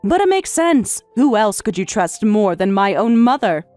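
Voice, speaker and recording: A woman voicing an entitled young daughter who is about to marry, speaking in a shrill, indignant way. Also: sing-song, normal speed, darkish tone, no room sound, soft background music, close to an everyday voice.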